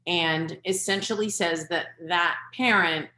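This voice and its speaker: A middle-aged woman coach talks parents through advice in an earnest, advising way. Her voice sits fairly low. The webinar mic picks up an echoey room around her. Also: sharp tone. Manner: earnest, advising, shifting between quick and slow deliberate delivery. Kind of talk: webinar talk.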